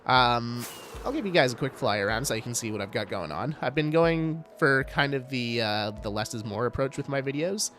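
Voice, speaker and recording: A man's voice: medium pitch, animated, normal speed, a bit bright. A man streaming a game live, chatting casually and greeting viewers, with many fillers. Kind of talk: casual livestream chat.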